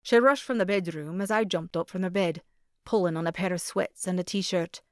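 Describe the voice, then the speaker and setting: A woman narrates a romance audiobook in a measured, expressive reading voice. Her voice sits on the low side, and the recording is dry and close with no room sound. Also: no echo.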